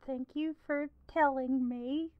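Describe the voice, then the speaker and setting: A woman's voice: high voice, fairly even intonation, slow pace, dry recording, lo-fi sound. A woman voicing a flustered, blunt young woman in a tabletop game, stammering through her words.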